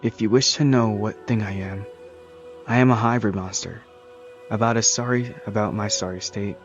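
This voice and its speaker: Guy reading out a sad starving minotaur servant, solemn and obedient, low voice, music going. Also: steady tone, moderate pace, highs cut off, lightly acted. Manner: solemn, servile, plainly spoken. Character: starved male bull-headed monster servant.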